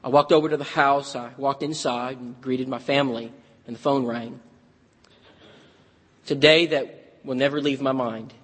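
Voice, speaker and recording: A man's voice: medium pitch, fairly even intonation, normal speed, long pauses, husky, in a large hall. A man preaching a sermon, moving from folksy humor into earnest, dramatic storytelling.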